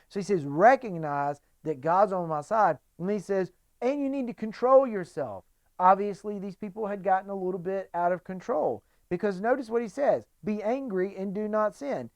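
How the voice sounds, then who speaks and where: A man's voice: high-pitched, normal speed, no room sound. A middle-aged man giving a casual, conversational sermon as a pastor, acting out quotes in voices.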